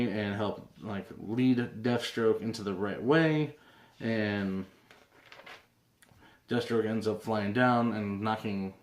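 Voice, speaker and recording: A young man hosting a casual comic book review vlog, rambling with lots of fillers and restarts. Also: fairly low pitch. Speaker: comic book video host. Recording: roomy echo.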